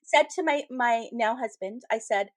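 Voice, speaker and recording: Chatty woman podcaster, bright high voice. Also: moderate pace. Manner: chatty storyteller, laughs often, many fillers. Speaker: podcast co-host, medium. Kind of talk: casual chat.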